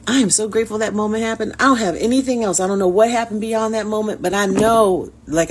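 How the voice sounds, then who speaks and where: A woman's voice: mid-range voice, a little mellow, slight background noise. A woman from Detroit, telling a heartfelt personal story straight to her viewers. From Detroit, USA. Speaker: actress sharing a personal story. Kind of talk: casual inspirational storytelling.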